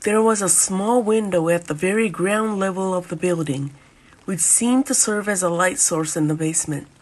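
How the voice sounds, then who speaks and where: A woman reading a first-person horror story aloud as a steady, scripted narration. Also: medium pitch.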